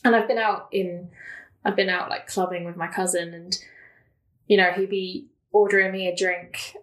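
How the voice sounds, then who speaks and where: A woman's voice: on the low side, steady tone, normal speed, a bit bright. A young woman telling stories in casual chat as a podcast guest, laughing often and full of fillers. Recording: roomy echo.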